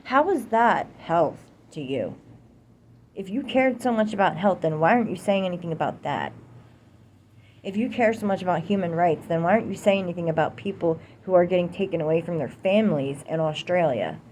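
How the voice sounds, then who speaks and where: Young american woman, lowish voice, furious profane vlog rant, faint room hum behind. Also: expressive, fairly quick, a little mellow. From United States. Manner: heated, profane, repetitive, emphatic. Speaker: vlogger. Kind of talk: angry political rant to camera.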